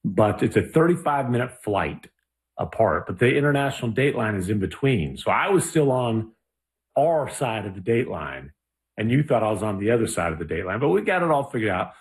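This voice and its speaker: A man's voice: fairly low pitch, very animated, brisk. A man co-hosting a podcast, chatting casually in a laid-back, joking way and often restarting his sentences. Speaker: podcast co-host. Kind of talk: casual chat. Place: Dallas.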